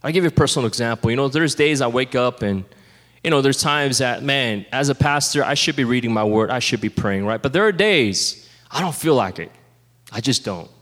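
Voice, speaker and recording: A man preaching a sermon as pastor, conversational and animated, sometimes dropping to a hush. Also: mid-range voice, fairly quick. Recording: reverberant hall.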